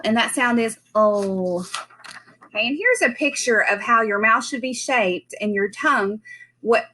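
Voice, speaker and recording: A woman's voice: a little high, a bit bright. Woman teaching speech sounds to children. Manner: slow, clear modeling of sounds. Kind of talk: at-home speech lesson for children. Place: home.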